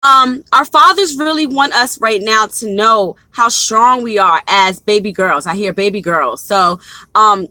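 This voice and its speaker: A woman's voice: mid-range voice, a little slow, bright, forceful tone, dry recording, poor audio. A young woman giving a casual live tarot reading from her car into a phone, chatty and rambling, talking straight to her viewers. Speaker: tarot reader. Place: parked car.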